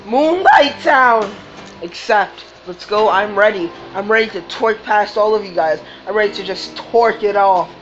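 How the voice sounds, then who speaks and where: A woman doing game commentary, swearing often and reacting loudly to the race. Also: mid-range voice, normal speed, few pauses. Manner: profane, excitable, swearing at the game. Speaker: gamer. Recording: dull lo-fi recording with game music.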